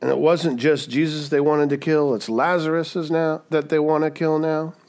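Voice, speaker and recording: A man delivers a sermon in a relaxed, conversational style with a slightly raised pitch. He drives his points home with emphasis and often checks in with his listeners. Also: normal speed. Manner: conversational, emphatic, with frequent "right?" asides. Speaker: pastor.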